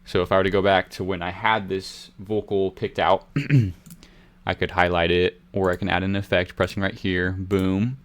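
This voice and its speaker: A deep-voiced young man hosts a casual, screen-recorded tutorial on music software, talking at normal speed. He's relaxed, rambling and self-deprecating, with faint music from the software playing behind him.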